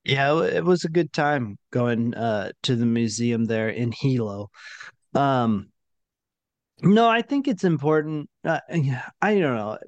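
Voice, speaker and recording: A man's voice: medium pitch, lively intonation, measured pace, dry recording, highs cut off. A man co-hosting a podcast in casual chat, thoughtful and restarting words as he builds a point.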